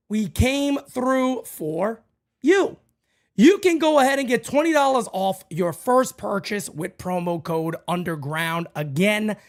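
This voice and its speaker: A man hosting a live baseball watch party, giving casual play-by-play and reading a sponsor plug. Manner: animated, jumps between hype and low asides.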